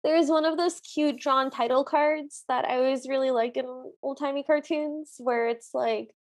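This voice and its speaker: High-voiced chatty woman co-host. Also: steady tone, moderate pace. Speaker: podcast co-host. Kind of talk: casual chat reviewing a cartoon.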